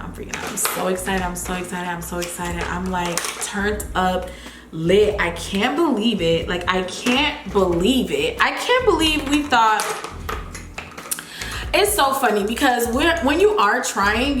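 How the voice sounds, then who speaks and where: A young woman chatting casually while doing her makeup, retelling a story and acting out the people in it with lively repeated phrases. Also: roomy sound. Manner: animated, acts out quotes with big pitch jumps, repeats phrases. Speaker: beauty vlogger. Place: home, near a running refrigerator.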